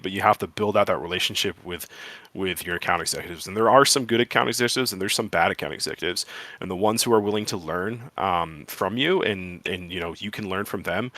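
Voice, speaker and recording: A man's voice: low voice, pushed and bright, no echo. A man talking casually about his work as a sales engineer, rambling with lots of fillers and restarts. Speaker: cyber security sales engineer. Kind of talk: casual talk to camera.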